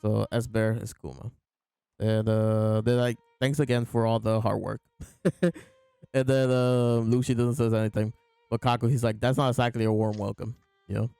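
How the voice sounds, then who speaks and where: Flat, gravelly low-voiced man. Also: moderate pace, dry recording, faint music behind. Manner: retells scenes by quoting characters in his own voice. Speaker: host reviewing comic chapters. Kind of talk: casual chapter review.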